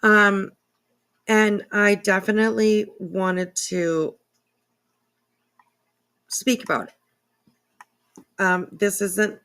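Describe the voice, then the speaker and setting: Woman host, casual home livestream, emotional and sniffly, slow husky-fried delivery. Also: mid-range voice, flat delivery, a bit bright. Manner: emotional, tearful, rambling with many fillers. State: teary, sniffling.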